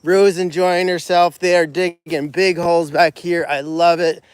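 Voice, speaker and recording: A man with a fairly high, level voice talks a little slowly and smoothly, with no room sound, as he walks across a pasture. He looks after a farm animal sanctuary and chats casually on a live stream recorded on a handheld phone, rambling with plenty of fillers and restarts.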